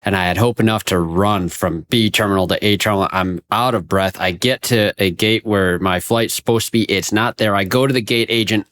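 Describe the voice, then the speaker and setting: A man hosting a podcast who tells personal anecdotes in an animated way and laughs easily. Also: fairly low pitch, a little fast, few pauses. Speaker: podcast host. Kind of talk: conversational podcast chat.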